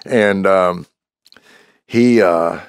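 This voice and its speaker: A man in his sixties with a deep, gravelly voice tells animated stories as a podcast guest, acting out the lines of the people in them. The recording is close and dry, with no room sound. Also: very slow, dry recording. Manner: animated storyteller who acts out quoted dialogue. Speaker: comedian guest. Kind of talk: storytelling in a podcast interview.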